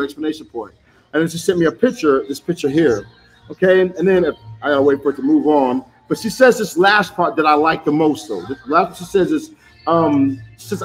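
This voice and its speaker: A man chatting casually on a live stream as a tarot reader, pitching spells in a loose, salesy way full of fillers. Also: animated, brisk, poor audio.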